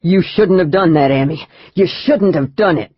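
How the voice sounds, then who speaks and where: A woman's voice: lowish voice, moderate pace, breathy edge, no room sound, muffled recording. A woman voicing a cold, cruel middle-aged man. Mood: coldly menacing. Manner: calm, chilling menace.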